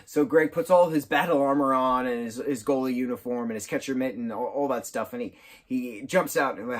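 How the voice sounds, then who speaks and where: Excitable man reviewing a movie. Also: a little fast. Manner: excitable, acts out scenes with big jumps in pitch and volume; giggles through his retelling. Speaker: film reviewer. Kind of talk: casual film review vlog.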